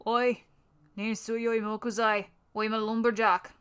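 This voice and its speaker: A woman doing a gruff Irish-accented lumberjack. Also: fairly high pitch, little pitch movement, measured pace, a bit bright, slight background noise. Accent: attempted Irish. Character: giant gentle alcoholic male lumberjack. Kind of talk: voice acting audition.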